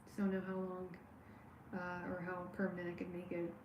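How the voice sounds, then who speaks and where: A woman giving a live tarot reading on a stream, speaking warmly and straight to the viewer, with many halting restarts and fillers. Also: fairly low pitch, completely flat delivery, roomy sound, background noise. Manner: warm, personal, talks straight to the viewer. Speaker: tarot reader.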